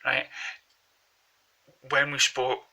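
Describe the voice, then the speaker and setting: A man's voice: mid-range voice, completely flat delivery, very slow, pushed and bright, low-quality recording. A man with a Glaswegian accent from Scotland, rambling through casual anecdotes as a vlogger. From Glasgow, Scotland. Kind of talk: casual chat to camera.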